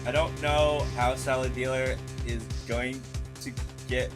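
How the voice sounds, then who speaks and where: A man's voice: mid-range voice, unhurried, pushed and bright, soft background music. A young man streaming a video game live, chatting with his viewers, joking, and reading the game's lines aloud. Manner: chatty and jokey, reads game lines aloud, talks to chat.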